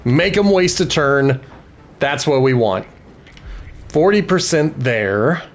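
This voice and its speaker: A man with a mid-pitched voice talks at an easy, slow pace while playing a game. He thinks through each tactical choice aloud and cheers on his party members between turns. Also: lively intonation. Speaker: gaming video host. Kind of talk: let's-play commentary.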